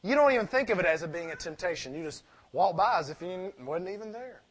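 A high-pitched male preacher delivering a sermon. He leans hard on his main points, then drops to soft, near-mumbled asides, and fires off rhetorical questions only to answer them himself. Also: lively intonation, fast, husky. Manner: swings from loud emphatic preaching to quiet asides.

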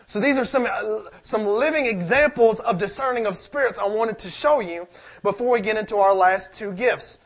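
A man's voice: high voice, normal speed. A man preaching a sermon, reading scripture aloud and asking the congregation questions in a conversational way.

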